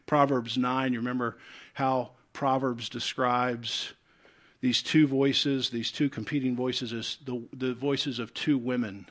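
A man with a Southern US accent preaching a sermon as pastor, swinging between loud urgent calls and soft hushed appeals. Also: mid-range voice.

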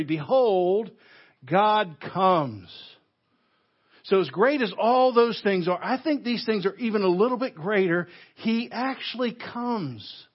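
Husky preacher with a muffled sound. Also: male voice, high voice. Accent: Southern US. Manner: emphatic preaching, swinging between loud stresses and hushed, slow phrases. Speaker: pastor. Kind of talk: sermon. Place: church sanctuary.

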